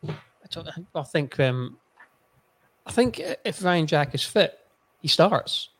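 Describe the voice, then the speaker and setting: A man with a fairly high voice chatting about football on a podcast. He talks in bursts, stammers and restarts, and swears freely. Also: lively intonation, takes it slowly, fairly bright tone. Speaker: podcast co-host. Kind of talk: casual football chat.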